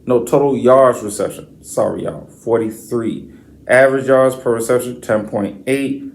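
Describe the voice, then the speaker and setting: A man's voice: mid-range voice, a little slow, creaky. A man hosting a sports podcast, reading stats and then ranting with profane, slangy trash talk. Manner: reads stat lines in a flat list. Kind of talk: sports commentary rant.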